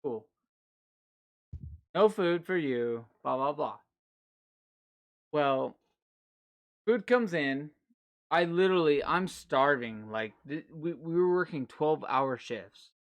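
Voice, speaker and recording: A young man co-hosting a casual podcast tells a story animatedly and with lots of swearing. His voice is fairly high and expressive, and he speaks slowly with long pauses.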